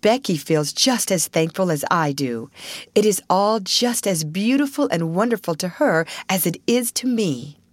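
Woman reads a grateful young girl: bright, coaxing, animated, dry close sound. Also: on the low side, measured pace, dry recording.

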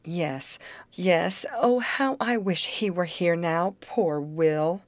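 A woman's voice: lowish voice, slow, no echo. A woman reading the part of an anxious young daughter, speaking plaintively.

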